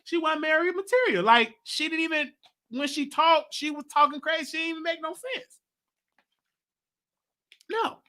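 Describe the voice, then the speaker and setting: A man hosting a show and telling a personal story in a rambling, animated way, with laughter and many restarts. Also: very high-pitched, normal speed, pauses often. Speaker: talk show host. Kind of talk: casual storytelling monologue.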